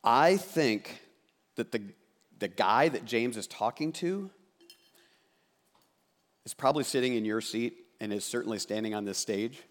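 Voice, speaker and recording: A man preaching from a church stage in a mid-pitched voice. He talks to the congregation conversationally but with emphasis, doubling words to drive a point home. He shifts between reading scripture, praying and explaining. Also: measured pace, long pauses. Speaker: pastor. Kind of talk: sermon with scripture reading and prayer.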